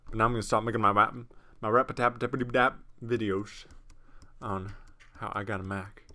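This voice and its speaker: A young man casually commentating his own gameplay at home on a desktop microphone, rambling and self-mocking with sudden excited outbursts. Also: lowish voice, fast talker. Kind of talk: casual let's-play commentary. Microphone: desktop USB microphone.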